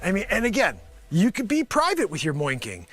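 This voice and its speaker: Guy riffing a comedy bit, high bright voice, bouncy and rambly. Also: a little fast, faint music behind. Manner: animated, rambling, shouts now and then. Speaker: comedian host. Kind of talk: improvised comedy monologue. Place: home studio with green screen.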